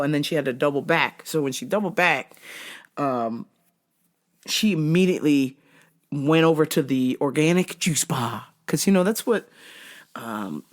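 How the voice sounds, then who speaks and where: A woman hosting a podcast, telling a comedic story with lots of swearing and laughter. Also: low voice. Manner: animated, swears freely, laughs often. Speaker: podcast host.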